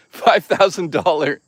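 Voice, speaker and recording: A man talking casually to his live chat while walking outdoors in the woods, excitable, joking and swearing a lot. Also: fairly high pitch, slightly rough, dry recording. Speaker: live streamer. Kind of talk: casual live-stream chatter.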